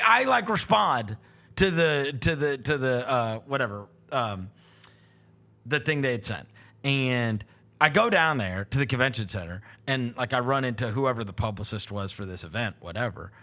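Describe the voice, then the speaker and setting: Lively, bright-voiced man telling a story. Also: medium pitch, moderate pace. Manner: rambling anecdotes with lots of fillers and restarts, laughing as he tells it. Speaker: host. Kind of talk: casual storytelling on a sports talk show.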